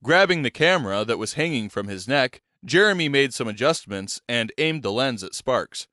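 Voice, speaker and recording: A man reading an audiobook in an expressive storytelling manner. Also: medium pitch, moderate pace, hardly any pauses, no room sound, studio quality. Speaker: audiobook narrator. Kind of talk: scripted narration.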